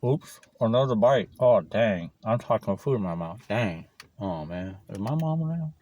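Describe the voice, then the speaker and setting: A man's voice: on the low side, lively intonation, normal speed, a little mellow. A man vlogging casually while he eats lunch, rambling and swearing freely, recorded without his clip-on mic. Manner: rambling, profane, swears often. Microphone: camera mic, no clip-on mic.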